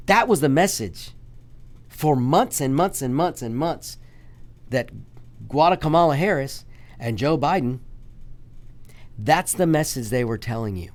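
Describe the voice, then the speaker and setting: A man's voice: a little high, animated, measured pace, pauses often. A man hosting a political talk radio show, delivering an emphatic, repetitive monologue and calling his listeners "folks.".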